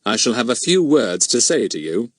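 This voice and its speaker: A man's voice: medium pitch, very animated, moderate pace, a bit bright, dry recording, clean studio sound. A man voicing a genial, dignified middle-aged police inspector in a storybook, courteous and formal with kindly teasing.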